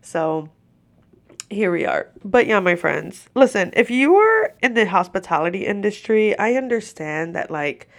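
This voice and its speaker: A woman's voice: mid-range voice, very animated, measured pace, creaky. Stuffy congested woman ranting casually. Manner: swears freely, laughs mid-sentence. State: short of breath. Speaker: podcast host. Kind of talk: casual chatty rant. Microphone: microphone while seated.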